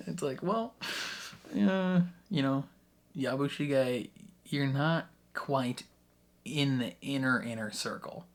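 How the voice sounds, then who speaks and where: A man hosting a casual reaction video, rambling excitedly with frequent laughs and restarts. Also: medium pitch, slow pace, long pauses. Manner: excitable, laughs often between thoughts; rambling with many restarts and fillers. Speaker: YouTube reaction host.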